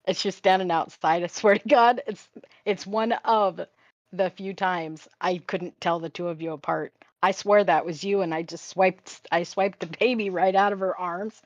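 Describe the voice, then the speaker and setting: Older woman, livestream co-host, low warm-chat register, laughs a lot; dry, slightly muffled home audio. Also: fairly even intonation, moderate pace, dry recording. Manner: chatty storyteller, laughs often. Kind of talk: casual chat with a sibling on a livestream.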